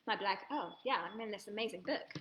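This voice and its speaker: A woman's voice: mid-range voice, a bit bright, reverberant. A woman leading an online drama workshop for children, cheerful and reading out viewers' comments, laughing and gasping often.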